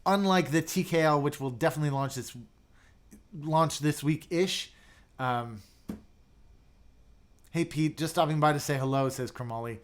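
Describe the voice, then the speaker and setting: A man's voice: on the high side, normal speed, pauses often, a little hiss or hum. A man hosting a casual livestream, chatting loosely and reading out viewer comments with lots of fillers and restarts. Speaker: livestream host. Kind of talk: casual live chat.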